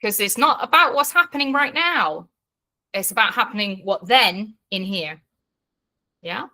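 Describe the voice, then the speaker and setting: A woman's voice: medium pitch, animated, unhurried, bright, forceful tone. Frank woman coaching a class. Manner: frank, blunt, swears freely, checks in often. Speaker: coach and teacher. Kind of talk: online class teaching.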